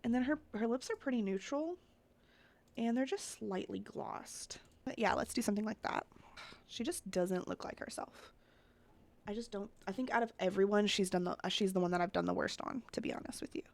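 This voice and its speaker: A woman's voice: mid-range voice, a little fast, gravelly, a little mellow. A woman giving casual, chatty commentary as she builds characters in a life-sim game, thinking aloud and often talking straight to her viewers. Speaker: Sims content creator.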